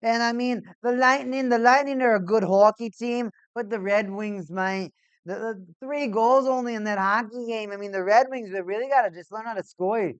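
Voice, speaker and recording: A woman's voice: a little high, moderate pace, clear, resonant tone, no echo, dull audio. A woman hosting a casual hockey watch-party stream, rambling and joking and repeating herself as she chats to viewers. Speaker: livestream host.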